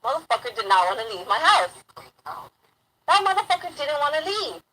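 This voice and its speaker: High, sharp-toned young woman, rambling and profane, heated personal storytelling. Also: very animated, brisk, poor audio. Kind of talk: casual storytelling.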